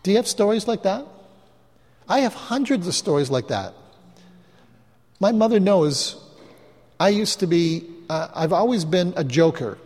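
A man preaching as a pastor, telling chatty, self-mocking stories to his congregation with quick asides. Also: sits high, lively intonation, darkish tone. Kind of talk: storytelling sermon to a live congregation. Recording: live hall recording with long reverb.

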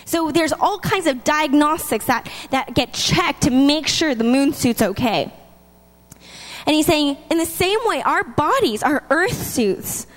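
A woman with a high, bright-sounding voice delivers a lively, chatty sermon. Her words carry a long reverb, as if spoken in a large church hall. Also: a little slow. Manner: lively, chatty, laughs between points. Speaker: preacher.

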